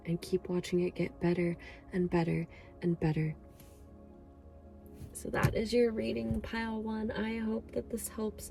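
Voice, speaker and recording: A woman's voice: medium pitch, level tone, a little slow, gravelly, pauses often, dark tone, faint music behind. A woman giving an emotional, effusive pick-a-card tarot reading, rambling with fillers. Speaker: tarot reader.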